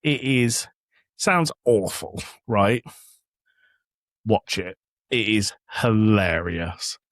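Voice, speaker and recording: Man, podcast host, animated storyteller, dry close mic. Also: fairly low pitch, very slow, no echo. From England. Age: adult with a young child. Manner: animated storyteller, acts out quotes. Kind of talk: casual chat.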